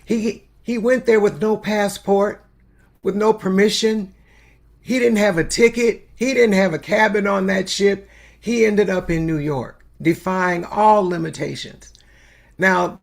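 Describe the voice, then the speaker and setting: An older woman telling a story as a sermon, slow and unhurried with long pauses. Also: medium pitch. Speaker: spiritual speaker.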